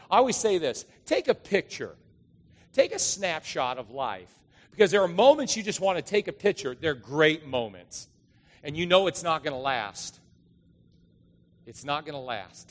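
A man's voice: on the high side, long reverb tail. A man, a pastor giving a conversational, storytelling sermon to his congregation. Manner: conversational, storytelling, emphatic rises. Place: church.

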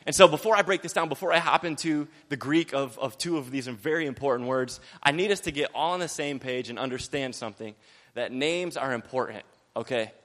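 A young man preaching a sermon quickly and energetically, mixing in jokes and acted-out quotes. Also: medium pitch, a bit bright, big-room sound.

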